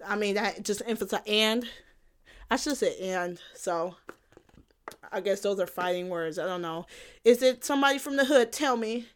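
A woman's voice: mid-range voice, moderate pace. A young woman talks into her home mic for a solo podcast episode. She rants bluntly and swears freely. She circles back to repeat her points and laughs at her own lines. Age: young adult. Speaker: podcast host. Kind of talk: casual solo podcast rant.

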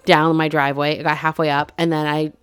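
A woman's voice: low voice, little pitch movement, fast talker, smooth. Chatty mother telling a story. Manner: chatty storyteller, laughs often. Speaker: podcast co-host. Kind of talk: casual chat.

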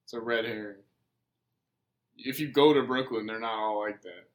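A man's voice: lowish voice, normal speed. A young man co-hosting a podcast, blunt and teasing in casual chat. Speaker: podcast co-host. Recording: roomy echo.

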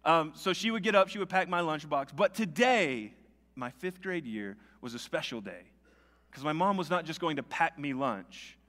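Man, pastor, high voice, chatty storytelling sermon, long reverb in a church hall. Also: moderate pace. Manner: storytelling, conversational and animated, with many restarts.

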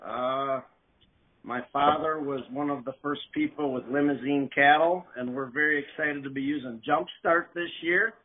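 A man's voice: fairly high pitch, fairly even intonation. A man in his fifties from southern Wisconsin, answering interview questions in a hesitant way, filled with "uh"s. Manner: slow, hesitant, many "uh"s. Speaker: guest. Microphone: phone. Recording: tinny phone line.

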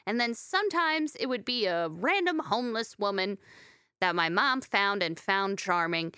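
A young woman tells stories on a casual podcast, laughing often as she goes. Her voice is bright and smooth. The sound is close and dry, with no room around it. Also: medium pitch, moderate pace, no room sound. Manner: storytelling, laughing, animated. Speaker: podcast co-host. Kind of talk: casual chat.

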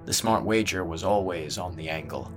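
A man narrating a fantasy story in a steady, measured way. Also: low voice, music in the background. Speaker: audiobook narrator.

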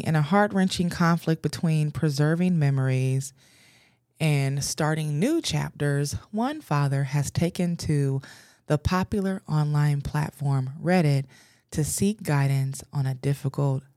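A woman's voice: low-pitched, a little slow, warm tone, no echo, studio quality. A woman podcast host frankly commenting on a news story she reads out, laughing often.

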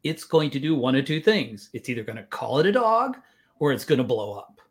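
A man's voice: medium pitch, big pitch swings, fairly quick. A man talking about data modeling in a podcast conversation, wry and explaining things through everyday examples. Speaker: data modeling guest speaker.

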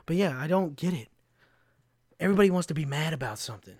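A man's voice: on the high side, lively intonation, fast, pauses often, a little mellow, slightly rough, dry recording, studio quality. A man hosting his own podcast, ranting in a casual, sarcastic and heavily profane way. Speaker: podcast host. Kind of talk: casual solo rant.

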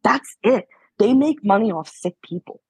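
A woman's voice: fairly high pitch, lively intonation, moderate pace, breathy edge, dry recording. A woman from Pennsylvania, a podcast guest, telling her story in a chatty, casual way, laughing often and acting out what people said to her. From Pennsylvania, USA.

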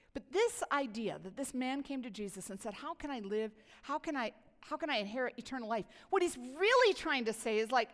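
A middle-aged woman pastor giving a chatty, animated sermon and reading scripture aloud. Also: sits high, fairly quick, big-room sound. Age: 40s.

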